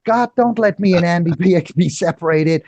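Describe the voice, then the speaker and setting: A man's voice: high-pitched, moderate pace, a little mellow, highs cut off, a little hiss or hum, voice pushed up. A man imitating an earnest praying man. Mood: pleading prayer. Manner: imitated accent, earnest begging. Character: pleading man saying a heartfelt prayer.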